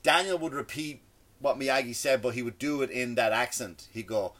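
Indoors and seated, a man with a non-American English accent delivers a rambling comic rant at normal speed. His voice is medium-pitched and a bit bright, his tone sarcastic and mocking, and he stammers and restarts often.

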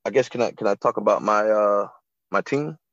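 A man who manages a restaurant, guest on a podcast, talking earnestly in a halting way and often repeating words. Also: fairly low pitch, no echo, highs cut off. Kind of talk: casual interview chat.

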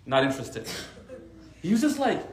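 At a normal speed and a fairly high pitch, an Arabic teacher speaks in a roomy-sounding setting. His casual religious talk to a faith circle is animated storytelling, with "like" dropped in constantly.

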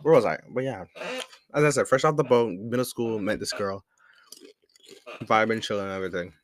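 A man's voice: fairly low pitch, brisk. A young man at home telling a casual, rambling story about a past friendship. He swears freely and laughs often in a laid-back way. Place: at home at a desk with a laptop.

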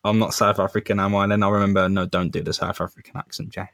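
A young man co-hosting a podcast in casual, excitable chat full of jokes and swearing. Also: on the low side, fast, no room sound, studio quality. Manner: excitable, joking, heavy swearing. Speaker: podcast co-host.

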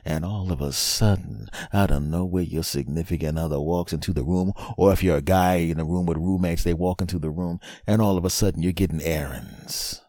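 A man hosting a podcast, delivering a comedic monologue and acting out scenes, jumping between loud outbursts and hushed whispers. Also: deep voice, brisk, hardly any pauses, no echo, studio quality. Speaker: podcast host.

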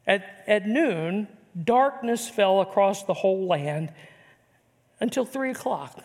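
A man's voice: sits high, lively intonation, unhurried, darkish tone. An older man, a pastor, preaching a sermon earnestly and repeating words for emphasis. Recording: long hall reverb.

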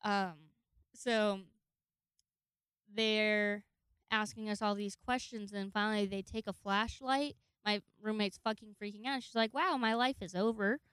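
Young woman in her 20s rambling through a story, swears a lot, laughs a bunch, smooth clear voice, dry sound. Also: medium pitch, fairly even intonation, measured pace, fairly bright tone, no room sound. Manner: rambling, profane, laughs often. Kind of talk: casual storytelling.

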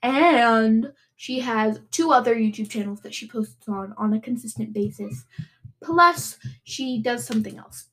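A woman's voice: fairly high pitch, animated, moderate pace, fairly bright tone, slight background noise, rough recording. A young woman hosting a casual solo podcast, bubbly and giggly, full of rambling asides. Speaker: podcast host.

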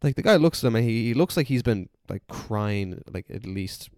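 A man's voice: fairly low pitch, lively intonation, moderate pace, darkish tone, no room sound, clean studio sound. A young man chatting casually and profanely, laid-back, spinning a hypothetical scenario. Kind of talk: casual chat.

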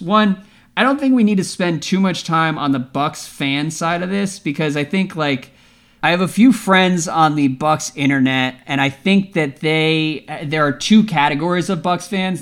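Guy with a kinda high voice rambling about his team, laughing at himself, casual podcast talk. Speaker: podcast co-host. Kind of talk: casual sports chat.

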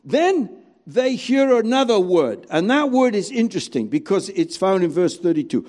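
A man preaching a sermon with a lively, swinging delivery and a mellow, dark tone. He asks rhetorical questions and acts out quoted voices. His pitch sits a little above the usual for a man. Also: moderate pace. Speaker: pastor.

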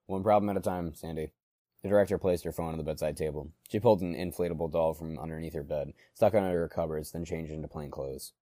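A man reading a story aloud in steady narration with occasional slips. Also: rumbling low, fast talker, hardly any pauses, no room sound, studio quality.

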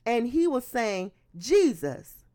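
A woman's voice: medium pitch, a little slow. A woman preacher delivering a sermon. She reads scripture aloud and then explains it in an emphatic, conversational way. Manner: animated, emphatic preaching that breaks into acted-out quotes.

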